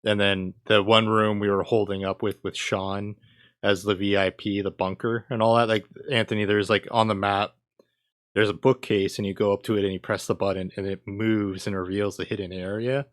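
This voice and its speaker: A man's voice: on the low side, little pitch movement, normal speed, no echo, clean studio sound. Rambly young man on a gaming podcast. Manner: rambling, lots of "like" fillers. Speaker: podcast host. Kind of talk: casual gaming chat.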